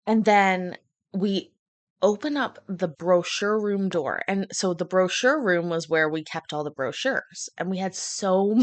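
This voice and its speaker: A woman's voice: medium pitch, no room sound. A woman streamer casually telling a rambling, profane story to her live stream.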